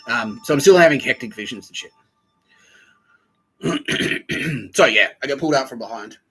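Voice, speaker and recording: A man's voice: medium pitch, lively intonation, normal speed, fairly bright tone, slightly rough, soft background music, poor audio. A man hosting a podcast, telling a rambling comedic story full of swearing. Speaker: podcast host.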